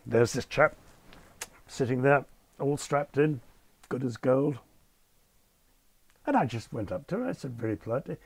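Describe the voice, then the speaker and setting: A man's voice: medium pitch, lively intonation, moderate pace, long pauses, darkish tone, husky, dry recording. An older man, a former airline captain telling anecdotes with dry understatement and acting out the people he quotes. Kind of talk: anecdotal storytelling in conversation.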